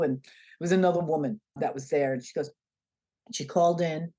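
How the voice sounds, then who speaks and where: A woman being interviewed, telling a story in a conversational way and acting out the dialogue as she goes. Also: low-pitched. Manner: animated, acts out the dialogue in her stories. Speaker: interview guest.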